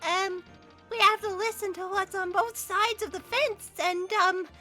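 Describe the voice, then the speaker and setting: A woman voicing a prim, fussy juror with a high, exaggerated sing-song voice, in a fan dub of a game. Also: steady tone, a little slow, pushed and bright, faint music behind, heavily acted.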